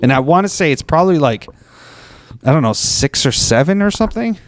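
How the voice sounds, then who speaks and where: A man in his thirties jokes around on a podcast, teasing his friends with quick interjections. His voice sits in a middle pitch and is recorded dry and close, with no room sound at all. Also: very animated, no room sound. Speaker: podcast co-host. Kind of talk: casual podcast banter.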